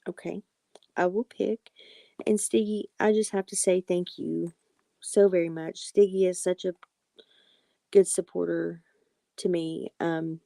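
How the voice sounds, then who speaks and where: A woman hosts a live card-reading stream in a low, gravelly voice with heavy vocal fry. Her tone is mellow and dark, recorded dry and close. She speaks gently to her viewers, calling them sweetie and honey. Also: flat delivery, measured pace, pauses often, no room sound. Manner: soft-spoken, affectionate, calls viewers sweetie and honey; apologetic and reassuring. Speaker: livestream tarot and oracle card reader.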